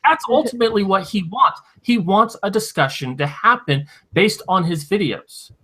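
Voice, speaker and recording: Bright, higher man arguing his point. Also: lively intonation, normal speed. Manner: argumentative, explaining at length. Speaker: co-host. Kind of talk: casual podcast chat.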